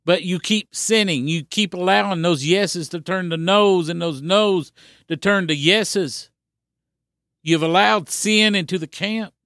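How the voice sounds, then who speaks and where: Male podcast preacher, gravelly and slightly high, earnest and insistent, dry close mic. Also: a little slow, a bit bright, no room sound. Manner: earnest, repetitive exhortation with restarts. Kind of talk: sermon.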